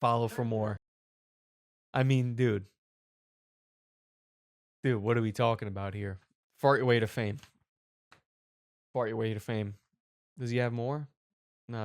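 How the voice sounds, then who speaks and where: A man hosting a comedy commentary show, telling a rambling, animated story. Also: medium pitch, gravelly, dry recording, studio quality. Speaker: show host.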